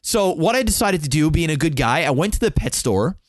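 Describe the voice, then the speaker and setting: A slightly high-pitched man spins a rambling story in casual podcast chat. He swears freely, and his voice leaps up whenever the story excites him. The sound is dry and close. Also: brisk, no room sound. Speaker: podcast co-host.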